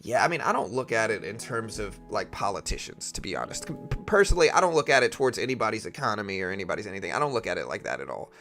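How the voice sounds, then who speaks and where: A man's voice: on the low side, big pitch swings, rapid-fire, hardly any pauses, a bit bright, faint music behind. A young man casually talking markets on a live trading stream, opinionated and chatty as he reads out chat messages.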